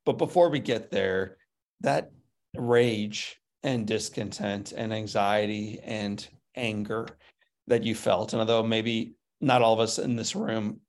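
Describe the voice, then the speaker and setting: A male host interviews a guest with earnest, measured questions. His low voice carries a strong gravelly fry. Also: steady tone. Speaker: show host. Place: studio set.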